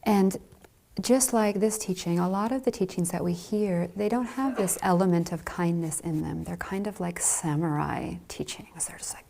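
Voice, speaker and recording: A woman giving a dharma talk as a Zen teacher, speaking softly and gently with light laughs. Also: lowish voice, moderate pace, vocal fry, slight background noise.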